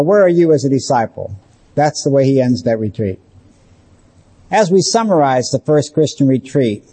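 A man preaching a sermon, emphatic and slowing down to stress key phrases. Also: on the high side, mellow, slightly rough.

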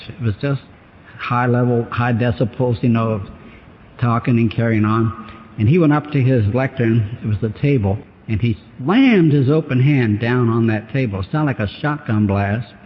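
A man's voice: mid-range voice, a little hiss or hum. A man preaching a sermon, emphatic and fond of repeating his phrases for effect. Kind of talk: sermon on marriage communication. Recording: dull sound with long hall reverb.

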